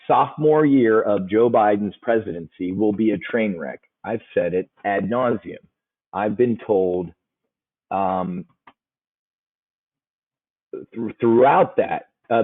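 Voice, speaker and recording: A man hosting a live options trading show, talking to viewers in a brash, excitable way with quick asides. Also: on the low side. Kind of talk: live market commentary to viewers. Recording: phone-like narrow sound.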